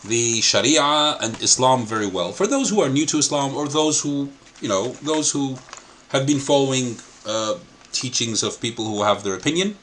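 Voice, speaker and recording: A man's voice: medium pitch, fairly bright tone, a little hiss or hum. A man hosting a video reaction commentary, laughing often while he talks and mixing American and British accents. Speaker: channel host.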